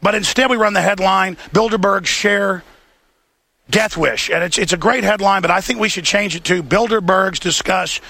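A man's voice: high-pitched, normal speed, gravelly, bright, forceful tone, no room sound. A man hosting a political broadcast, ranting urgently and repeating himself. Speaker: show host. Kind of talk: heated political broadcast rant.

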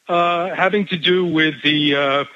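A male radio caller with a bright, somewhat high voice. His dull, lo-fi phone line sounds dry. He makes his points one by one in a measured tone. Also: fairly even intonation, no room sound. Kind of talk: call-in radio talk.

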